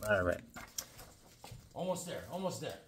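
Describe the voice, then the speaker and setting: A man's voice: mid-range voice, big pitch swings, unhurried, fairly bright tone, breathy edge. A man casually chatting to camera, rambling in an easygoing way as he shows his comics and sketches. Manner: rambling, easygoing, chuckling asides. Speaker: comics collector showing his drawings.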